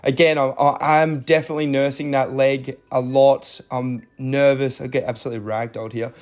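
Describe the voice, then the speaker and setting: A man's voice: medium pitch, flat delivery, moderate pace, darkish tone. Chatty young Australian man coaching. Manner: chatty and self-deprecating, many fillers. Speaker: footballer narrating his own game footage. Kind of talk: casual voice-over commentary with coaching tips.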